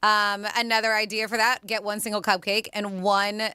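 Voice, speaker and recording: A woman's voice: medium pitch, little pitch movement, normal speed, sharp tone, clear, resonant tone, no room sound, studio quality. A woman co-hosting a radio show, reading listener texts aloud in a chatty way. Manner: chatty, laughs while reading. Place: radio studio. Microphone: studio microphone.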